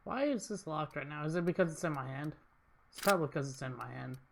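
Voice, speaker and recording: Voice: mid-range voice, quick pace, vocal fry. A game streamer giving casual live commentary, wry and muttering reactions to the game. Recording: noisy stream audio.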